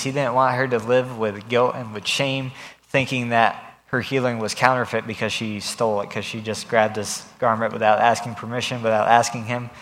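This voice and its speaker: A young man reading scripture and then preaching in a relaxed, conversational way, retelling the story in everyday speech. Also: medium pitch. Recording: long reverb of a hall.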